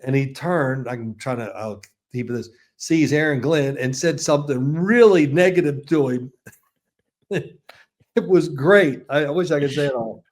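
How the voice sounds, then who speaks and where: A man's voice: a little high, a little slow, a little mellow. A man in his sixties, a football analyst guest, telling chatty, rambling anecdotes with restarts and chuckles in a casual interview.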